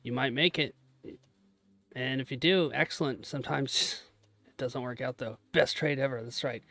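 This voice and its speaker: A man's voice: mid-range voice, moderate pace, sharp tone, dry recording. A young man chatting casually on a live stream, joking about himself and cheering his trades on. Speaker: livestreaming day trader.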